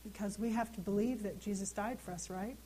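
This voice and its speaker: A woman's voice: medium pitch, steady tone, fairly quick, dark tone, husky. A woman in her thirties giving an informal Bible teaching, speaking earnestly and often checking in with her listeners. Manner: earnest, conversational, asks listeners questions. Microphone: handheld microphone.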